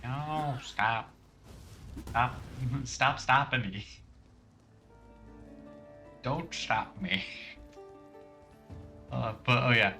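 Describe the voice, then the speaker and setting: A man's voice: medium pitch, extremely slow, vocal fry, pauses often, pushed and bright, faint music behind. A man streaming a game, talking casually and rambling off on tangents. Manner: rambling and tangent-prone, heavy use of "like". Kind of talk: casual gameplay commentary.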